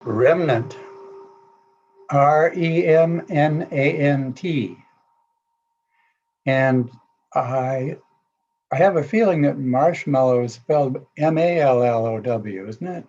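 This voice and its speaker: Man, bee contestant, slow and deliberate, dull video call sound. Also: medium pitch, a little mellow. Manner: slow, careful, letter by letter.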